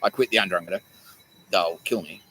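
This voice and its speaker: Man putting on a beaten-down Aussie ex-thug, low, mumbling, bright tone. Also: a little fast, slight background noise, low-quality recording. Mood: defeated. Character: remorseful adult male thug quitting his gang.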